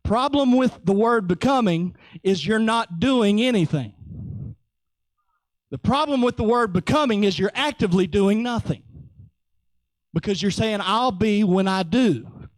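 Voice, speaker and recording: A man preaching with a high, bright-pitched voice and a playful, animated delivery. He jokes and slips into quick acted-out voices while he teaches. The sound is close and dry, with no room echo. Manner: lively, joking, acts out voices. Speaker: pastor. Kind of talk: sermon.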